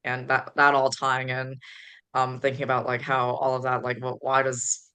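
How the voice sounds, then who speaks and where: Rambling woman guest with a bright voice. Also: extremely low pitch, monotone, moderate pace, smooth. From Chicago area. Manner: rambling, digressive, many fillers. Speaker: podcast guest. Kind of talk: casual podcast chat.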